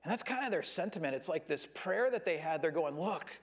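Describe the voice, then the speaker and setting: High-voiced guy preaching, chatty and animated, acts out the crowd. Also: brisk, few pauses. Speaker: pastor. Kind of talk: sermon.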